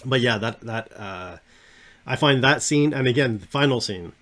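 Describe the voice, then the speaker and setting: A man of ordinary pitch hosts a casual podcast, sharing an enthusiastic breakdown. He rambles and restarts, and his voice sinks softer as each thought winds down. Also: expressive, normal speed. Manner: enthusiastic, rambling, trails off quietly at phrase ends. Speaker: podcast host. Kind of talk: casual discussion of an animated series.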